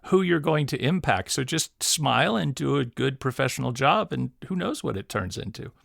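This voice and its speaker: Gravelly-voiced man telling a studio story. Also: mid-range voice, moderate pace, dry recording. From Detroit area, USA. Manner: animated storyteller, laughs easily. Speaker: guest audio producer. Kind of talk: casual storytelling interview.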